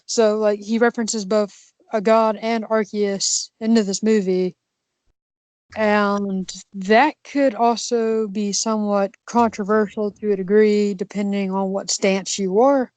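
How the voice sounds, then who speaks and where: Woman co-host, casual and halting, mid-pitched, dry close sound. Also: level tone, a little mellow, no room sound. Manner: halting, many fillers and restarts. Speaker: podcast co-host. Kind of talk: casual podcast chat.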